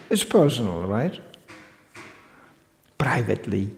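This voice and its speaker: Male spiritual teacher, devotional lecture, gravelly and animated, acts out quotes, big echoing hall. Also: medium pitch, a little slow, pauses often. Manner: lively, joking, acts out quoted voices.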